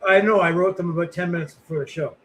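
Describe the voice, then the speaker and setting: A man's voice: sits high, steady tone, fast talker, heavy background noise. A middle-aged man co-hosting a podcast, chatting casually in a rambling, self-deprecating way with lots of fillers. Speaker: podcast co-host. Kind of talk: casual chat.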